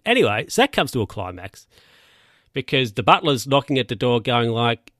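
A man's voice: medium pitch, very animated, normal speed, fairly bright tone, no echo, clean studio sound. A man, casually recapping a TV show in a rambling, sweary way. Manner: rambling, sweary, chuckles often.

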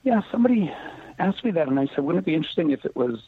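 A man's voice: fairly high pitch, very animated, creaky, slightly rough. A man, an actor guest in a casual interview, talking carefully and holding back spoilers. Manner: careful and measured, avoids spoilers. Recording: tinny phone line, dry.

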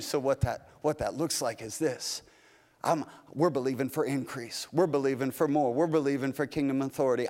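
A male pastor delivering a folksy, animated sermon, acting out little asides as he goes. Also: mid-range voice, normal speed. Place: church sanctuary. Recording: long reverb of a large hall.

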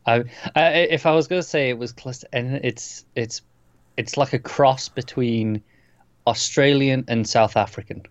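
A man co-hosting a casual movie review podcast, relaxed and easily agreeable, with dry asides. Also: mid-range voice, a little slow, dry recording. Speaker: podcast co-host. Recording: dull, dry, lo-fi mic.

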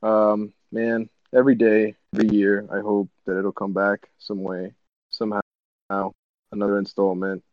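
A young man in casual chat, excitable, swearing and saying man a lot. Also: fairly low pitch, normal speed, dry recording. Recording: slightly dull sound.

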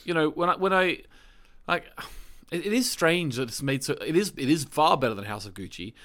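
A man co-hosting a film podcast in casual chat, speaking haltingly with restarts and soft, trailing endings. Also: fairly high pitch, expressive. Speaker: podcast co-host.

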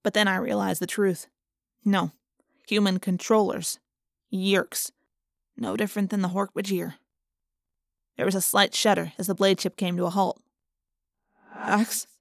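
A woman narrates a first-person audiobook in a steady, measured way. Her pitch is mid for a woman. The recording is close and dry, with no room sound. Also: gravelly, dry recording.

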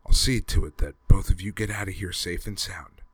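Man doing a steady protective soldier, low deep voice, firm and reassuring, audiobook, dry sound. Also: brisk, breathy edge, dry recording, full character voice. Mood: hushed. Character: tough male soldier, calm and protective. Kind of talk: audiobook character voice.

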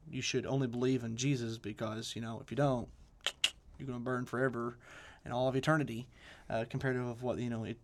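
A man co-hosting a relaxed podcast chat, speaking earnestly in a mid-pitched voice. He restarts his sentences often and leans on "you know" as he works through a point. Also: a little hiss or hum. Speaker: podcast co-host. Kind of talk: casual discussion.

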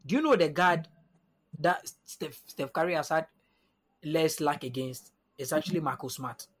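A man's voice: a little high, breathy edge. A man talking through basketball matchups on a casual sports podcast, laying out numbers step by step and often checking in with "you understand?". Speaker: podcast guest analyst.

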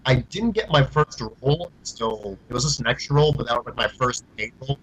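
A man's voice: medium pitch, lively intonation, fast, fairly bright tone, husky, poor audio. A man telling about his first audition as a guest, polite and plain. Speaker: guest actor. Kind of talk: casual interview chat.

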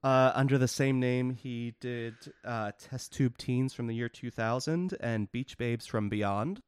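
A man's voice: mid-range voice, unhurried, clean tone, dry recording, studio quality. Man dryly explaining bad movies. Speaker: podcast co-host. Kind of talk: casual movie discussion.

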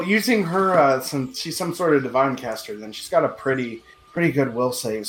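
A man's voice: medium pitch, roomy sound, rough recording. A man narrating a tabletop game as game master, rambling and casual with lots of filler.

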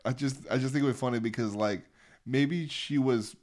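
A man's voice: medium pitch, darkish tone. A man co-hosting a podcast, recapping episodes in casual chat with mocking asides. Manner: recaps at length, mocking, quick joking asides. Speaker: podcast co-host.

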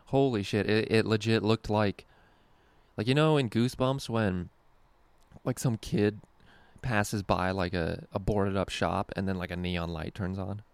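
Young comedian dude on his podcast, low gravelly voice, swears a ton, keeps cracking himself up. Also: a little slow, dry recording. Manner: rambling, profane storytelling with frequent laughs. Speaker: stand-up comedian and podcast host. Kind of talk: casual podcast chat.

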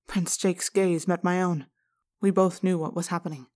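A woman reading an audiobook aloud in the first person, with steady, measured narration. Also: on the low side. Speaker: audiobook reader.

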